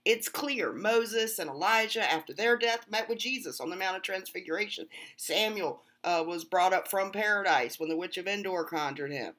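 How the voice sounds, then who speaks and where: With a fairly low, slightly bright voice, this Christian video host addresses her viewers directly in casual Bible commentary. She comes across as earnest and emphatic, openly frustrated with competing interpretations.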